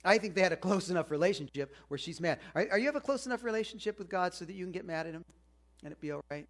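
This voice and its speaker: A man's voice: sits high, lively intonation, rapid-fire. A man preaching a sermon in a casual, conversational way, asking the congregation questions as he goes. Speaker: pastor.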